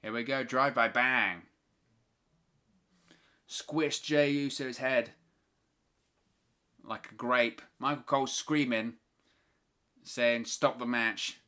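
A man with a bright, forward voice calls a wrestling match live for his viewers. He narrates each move and breaks into opinionated, exasperated rants about the referees. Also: medium pitch, fairly even intonation, slow pace, pauses often. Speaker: watch-along host.

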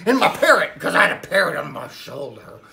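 A woman doing a gravelly old pirate captain. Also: lowish voice, sing-song, fairly quick, bright, forceful tone, slight background noise, exaggerated voice. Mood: excited. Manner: rambling, theatrical yarn-spinning with laughs. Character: boastful old male pirate captain, rum-loving storyteller. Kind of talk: comedic character sketch.

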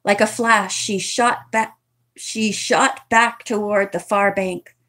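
A woman's voice: medium pitch, fairly even intonation, slow pace, a bit bright. Woman reading a book aloud casually. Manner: chatty asides. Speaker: reader.

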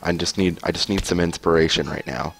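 A man's voice: low voice, brisk, gravelly, soft background music. A man rambling through a story as he comments on gameplay, with lots of fillers, restarts and laughter. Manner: laughs often. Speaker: gaming video host.

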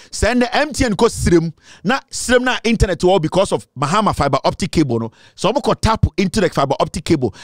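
Insistent Ghanaian man, lively high voice. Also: dry recording, clean studio sound. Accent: Ghanaian English. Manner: insistent, repetitive, mixes Twi with English. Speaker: political commentator. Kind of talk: political commentary monologue.

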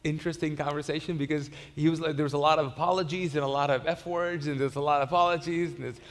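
A man's voice: fairly high pitch, steady tone, fast, in a large hall. A man preaching a sermon as pastor, conversational and storytelling, with frequent restarts and repeated words. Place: church auditorium.

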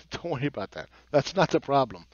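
A man delivers a blunt, sarcastic market commentary and swears freely as he mocks the views of others. His voice is recorded dry and close, with a slightly dull, muffled tone. His pitch sits at an ordinary middle level. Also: expressive, brisk, a little mellow, no echo. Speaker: market analyst.

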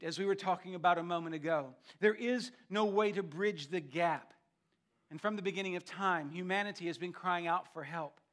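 A male pastor with a high, bright voice preaches in a church sanctuary. He hammers key phrases, stumbles and repeats words as he builds, then falls to slow, hushed lines. The tone is forceful and ringing. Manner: emphatic preaching with frequent repetitions and restarts; swings between loud emphasis and hushed, slowed phrases. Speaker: senior pastor. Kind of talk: sermon.

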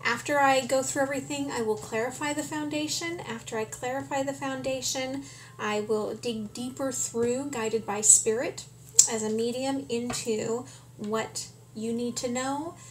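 A woman talks through a tarot reading with a slightly high voice. She is very slow and calm and keeps checking in with "okay?". A faint hum of noise sits behind her. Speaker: tarot reader.

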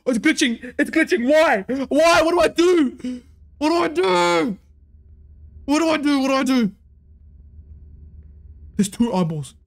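A man's voice: very high voice, gravelly, fairly bright tone. A young man giving panicky, swearing commentary while playing horror games, jumping between fear and mocking jokes. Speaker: gaming video creator.

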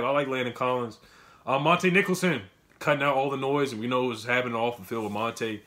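A young man giving a casual, emotional fan recap, full of fillers and repeats, swinging between loud outbursts and quiet muttering. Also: on the low side, fairly quick. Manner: filler-heavy, repeats himself. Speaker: sports fan commentator. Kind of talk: casual fan reaction monologue.

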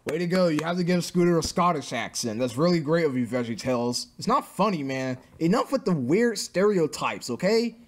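A man's voice: on the high side, animated, brisk, few pauses, a little hiss or hum. Sarcastic man reviewing a cartoon. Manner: exasperated, mocking rants.

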